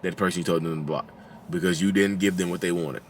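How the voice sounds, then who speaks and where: This channel host, a man in his thirties with a Southern drawl, speaks fast in a low, steady voice, with a little hiss or hum on the recording. Chatting casually to viewers, he acts out quotes in a raised voice and laughs at his own jokes.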